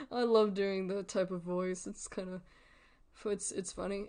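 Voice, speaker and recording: A woman streaming casual commentary, giggly and rambling, often correcting herself. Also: fairly low pitch. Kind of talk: casual commentary on a web series.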